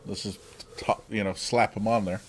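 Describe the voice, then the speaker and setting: Male co-host, relaxed and curious, plain everyday voice. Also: fairly low pitch, normal speed, a little hiss or hum. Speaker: podcast co-host. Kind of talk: casual chat.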